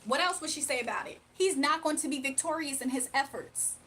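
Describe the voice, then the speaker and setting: A woman's voice: high-pitched, a little fast, pushed and bright. A woman, giving a casual, emphatic spiritual reading on a livestream. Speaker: spiritual reader.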